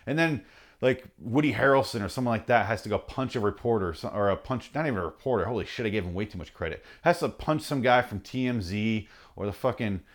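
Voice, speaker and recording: Man, podcast host, angry comic rant, sarcastic, heavy swearing, mid-pitched voice. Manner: mocking put-on voices in quotes. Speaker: podcast host reading his rants.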